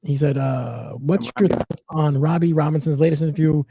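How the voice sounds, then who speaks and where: A man's voice: on the high side, steady tone, moderate pace, vocal fry, mellow, breathy edge, no echo. A man co-hosting a talk show, giving short agreeing replies and reading viewer comments aloud. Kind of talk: casual chat.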